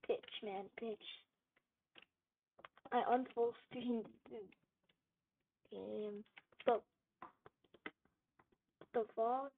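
A woman giving gameplay commentary, frustrated, swearing and yelling at the game. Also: fairly high pitch, steady tone, very slow, creaky, pauses often. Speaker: gamer. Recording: tinny phone-like audio with faint noise.

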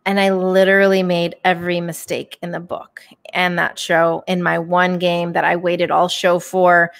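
A woman's voice: lowish voice, a bit bright. Candid woman telling a personal story. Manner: candid, emotional storytelling with many fillers and restarts. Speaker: guest, professional bowler. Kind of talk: casual podcast interview storytelling.

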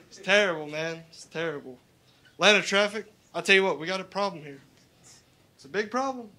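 A young man doing a profane stand-up set, telling stories in a deadpan way. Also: high voice, brisk. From Roswell. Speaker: stand-up comedian. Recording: live club recording with background noise.

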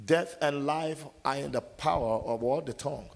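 A man preaching a sermon as pastor, asking the congregation to finish verses and acting out scenes with loud shouts. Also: on the high side, normal speed, gravelly. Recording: long hall reverb.

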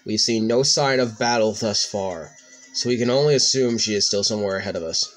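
A man's voice: on the low side, fairly quick, soft background music. A man hosting a let's play, reading every character's lines aloud in his own voice, with his own asides in between.

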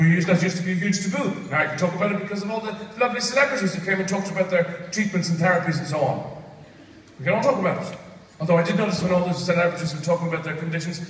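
A man's voice: high voice, a bit bright. A man in his forties with an Irish accent, doing live stand-up comedy in a sardonic, rambling, self-mocking way. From Ireland. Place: large theatre. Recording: distant echoey theatre recording from the audience, noisy.

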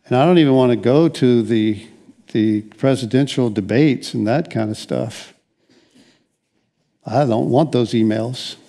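Rambling pastor with a mellow voice. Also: male voice, medium pitch, a little slow. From United States. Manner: rambling, conversational, frequent restarts. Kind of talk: sermon.

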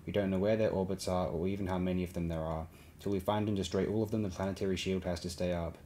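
Guarded woman leader choosing her words read by a man, low deep voice, careful. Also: steady tone, fast, dark tone, slight background noise, close to an everyday voice. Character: guarded female leader under pressure.

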